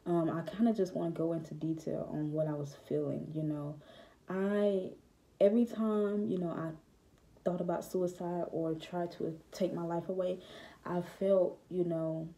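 A woman's voice: on the low side, steady tone, normal speed, warm tone. A young woman giving a hesitant, reflective personal testimony straight to the camera, with many fillers. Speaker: vlogger.

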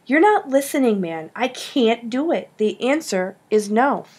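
A woman's voice: fairly high pitch, lively intonation, a little slow, a little mellow, breathy edge, voice pushed up. Woman voicing Ben, a reluctant cautious boy. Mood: firm. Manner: reluctant, worried. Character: cautious loyal schoolboy friend.

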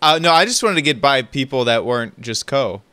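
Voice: medium pitch, expressive, fairly quick, a bit bright, no echo. A gamer chatting with friends, flustered and tripping over words. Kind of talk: casual voice chat during gameplay.

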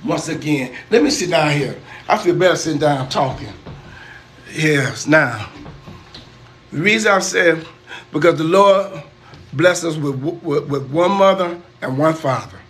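High-voiced older man, preachy and defensive. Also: animated, unhurried, fairly bright tone, reverberant. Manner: defensive, preachy, repeats himself. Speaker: uncle on a livestream. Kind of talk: casual livestream banter.

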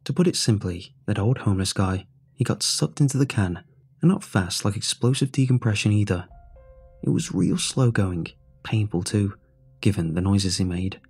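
A man reads a horror story aloud in a steady, measured voice. His tone is low and mellow, with a husky grain. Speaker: narrator. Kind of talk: scripted horror story narration.

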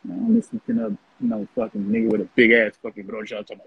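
A man's voice: fairly low pitch, very animated, fast, gravelly, breathy edge, dry recording. A man from North Richmond, California, talking bluntly and brashly in a profane, mocking monologue about prison life. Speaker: former prison inmate telling his story. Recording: phone-like lo-fi audio.

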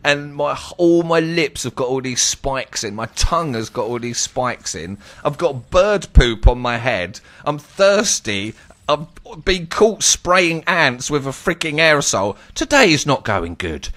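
Animated man telling a story. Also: medium pitch, unhurried. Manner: animated, exclaiming, dramatic retelling. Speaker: streamer. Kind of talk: casual storytelling.

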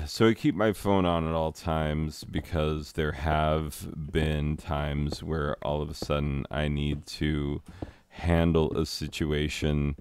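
A man's voice: a bass voice, level tone, slow, darkish tone, smooth, no echo. A man in his thirties, a teacher, rambling self-deprecatingly while he plays a game and tells a story. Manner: self-deprecating, rambling, breaks into sung asides. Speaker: teacher and gaming vlogger. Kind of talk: rambling casual commentary over gameplay.

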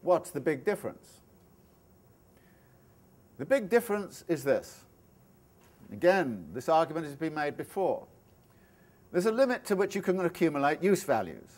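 A man's voice: fairly high pitch, very animated, normal speed, long pauses, darkish tone. A male professor giving a university lecture, explaining ideas in a thoughtful, step-by-step way, with asides and restarts. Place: lecture room.

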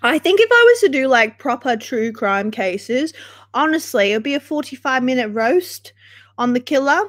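A woman's voice: high voice, animated, normal speed, fairly bright tone. A young woman hosting a casual livestream, chatting in a chatty, dramatic way and swearing freely. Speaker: livestream host.

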